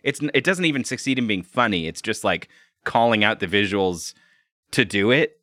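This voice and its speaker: A man hosting a casual podcast chat about a cartoon, animated and laughing, often restarting his sentences. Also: fairly low pitch, moderate pace, no room sound.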